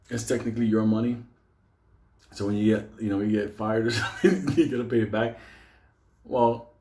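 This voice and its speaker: A man's voice: lowish voice, roomy sound. A man casually telling comic stories about an old friend, swearing constantly and breaking into laughs. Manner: animated, heavy swearing, laughs often. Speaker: storyteller. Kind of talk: casual profane storytelling.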